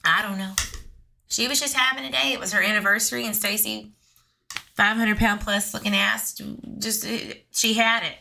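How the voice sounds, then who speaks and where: A woman's voice: mid-range voice, steady tone, normal speed, vocal fry, pushed and bright, slight background noise. A woman hosting a true crime channel, reading police documents aloud and breaking off into sarcastic, chatty asides to her viewers.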